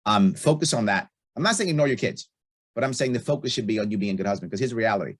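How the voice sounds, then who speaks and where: A man's voice: on the low side, expressive, racing, breathy edge. A middle-aged man speaking as a guest in a casual podcast interview, blunt and emphatic, repeating his key points. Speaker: podcast guest, libertarian candidate.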